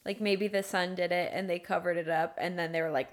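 A woman's voice: fairly low pitch, fairly even intonation, a little fast. A young woman co-hosting a casual podcast, chatty and full of "like". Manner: chatty, says "like" a lot. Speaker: podcast co-host. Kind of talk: casual chat.

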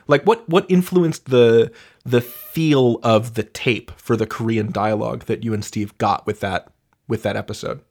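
Male interview host, mid pitch, effusive and excited. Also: moderate pace, vocal fry. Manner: enthusiastic, effusive praise. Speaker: podcast host. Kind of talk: casual interview.

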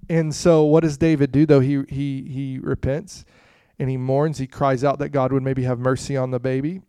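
Man, pastor, conversational sermon, smooth voice, mid pitch, animated, hushed to loud. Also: moderate pace, dry recording, studio quality. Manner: frequent "you know" asides.

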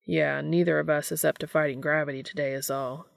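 A woman's voice: deep voice, steady tone, brisk, creaky, no room sound, pitched below the performer's own voice. A woman reading a fan story aloud, voicing a weary, wisecracking grown man with dry, wry quips.

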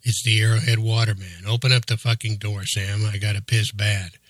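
A man's voice: fairly low pitch, little pitch movement, moderate pace, a bit bright, no room sound. A man doing a crude, grumbling young slob. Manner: crude, grumbling, swears a lot. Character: crude, impatient young man always craving snacks.

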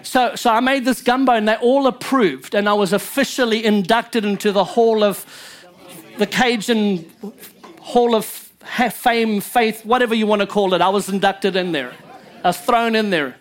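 A man's voice: high-pitched, normal speed. A male pastor preaching a sermon in church, emphatic and joking with his congregation.

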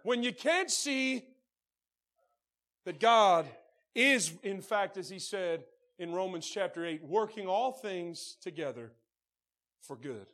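A man preaching a sermon as pastor. He calls out to the congregation and swings from soft, low passages to shouted preaching. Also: animated, takes it slowly, pauses often.

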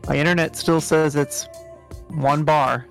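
A man's voice: fairly high pitch, steady tone, unhurried, gravelly, faint music behind. A man co-hosting a podcast in casual chat, laid-back and self-mocking, talking over a remote call mic. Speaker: podcast co-host.

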